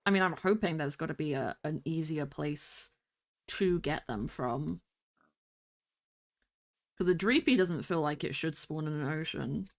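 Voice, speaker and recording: Woman streamer, rambling game commentary, low-ish voice, excited outbursts, chatty self-talk. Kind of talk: casual gameplay commentary. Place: home streaming setup.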